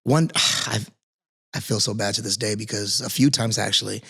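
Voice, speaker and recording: A man's voice: fairly low pitch, fairly even intonation, moderate pace, gravelly, a bit bright, breathy edge. A man hosting a casual interview podcast, talking earnestly and rambling with many restarts and fillers. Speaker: podcast host and martial arts instructor.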